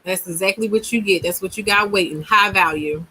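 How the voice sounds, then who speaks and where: A woman's voice: mid-range voice, a little fast, sharp tone, breathy edge, rough recording. A woman hosting a casual commentary, reacting to a clip and reading comments aloud, emphatic and given to repeating words mid-thought.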